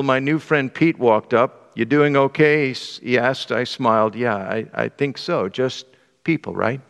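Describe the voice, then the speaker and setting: A man preaching a sermon and reading an excerpt aloud, with a measured, deliberate delivery. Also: medium pitch, in a large hall. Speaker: pastor.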